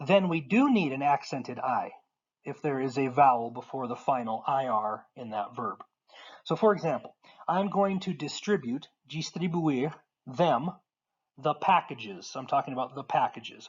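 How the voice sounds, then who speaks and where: A Portuguese teacher giving a casual recorded lesson, patiently repeating words slowly for learners. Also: medium pitch, breathy edge, lo-fi sound.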